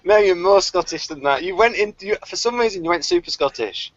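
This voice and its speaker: Male host, casual call discussion, animated and fairly high-pitched, dull lo-fi audio. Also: brisk, no room sound. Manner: lively, animated, laughs often. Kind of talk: casual online group discussion. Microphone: video call.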